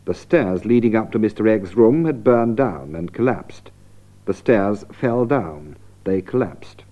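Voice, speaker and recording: A man narrating a scripted language lesson, clear and deliberate, restating ideas for emphasis. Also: fairly low pitch, lively intonation, lo-fi sound. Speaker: narrator and presenter of an English lesson.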